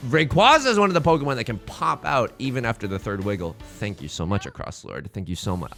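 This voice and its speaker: A man's voice: mid-range voice, fast, vocal fry, hardly any pauses, faint music behind. A man hosting a let's play, chatting through his game in joking, rambling banter to his viewers. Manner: animated, joking rambling banter addressed to "folks". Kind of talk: gameplay commentary.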